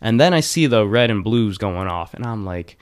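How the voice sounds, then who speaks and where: A man's voice: fairly low pitch, normal speed. Rambling teenage guy telling a story. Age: teens. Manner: rambling, animated retelling with many fillers. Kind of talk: casual chat.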